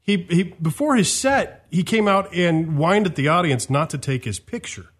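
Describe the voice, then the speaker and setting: A man's voice: sits high, animated, normal speed. A middle-aged man co-hosting a radio talk show, telling a blunt, ranting story in casual chat.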